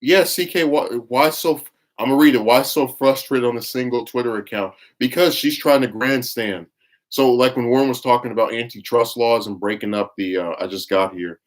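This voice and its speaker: A man's voice: mid-range voice, fairly even intonation, moderate pace. A man giving blunt, scornful live-stream commentary, reading viewer chat and rambling with frequent restarts. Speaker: livestream commentator.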